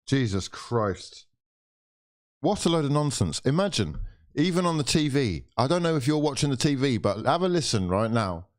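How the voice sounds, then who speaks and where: A man's voice: medium pitch, very animated, moderate pace. A young man hosting a live football watchalong, exasperated and swearing constantly as he rants at players and referees. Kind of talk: live match watchalong commentary.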